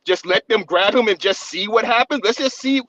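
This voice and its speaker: A man's voice: high-pitched, normal speed, fairly bright tone. A man calling in to debate a case, insistent with frequent restarts, on a dull line. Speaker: caller. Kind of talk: call-in debate.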